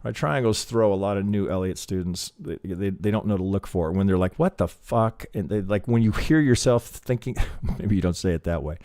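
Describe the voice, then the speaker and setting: A man's voice: sits low, fairly quick, dark tone, no room sound, clean studio sound. A man teaching trading while he works through a chart, rambling and profane, thinking aloud with many restarts. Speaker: trading educator. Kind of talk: live chart analysis lesson.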